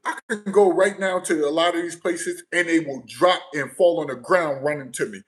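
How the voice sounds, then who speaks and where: High-voiced American man chatting on a livestream. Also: normal speed, hardly any pauses, rough recording. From United States. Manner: animated storytelling, shifts often from low mumbles to loud bursts. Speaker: livestream host. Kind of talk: casual livestream chat.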